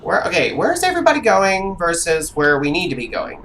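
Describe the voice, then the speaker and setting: A streamer giving live commentary on an online role-playing game, grumbling and talking to themselves with quick reactions. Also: medium pitch, big pitch swings, a bit bright, a little hiss or hum.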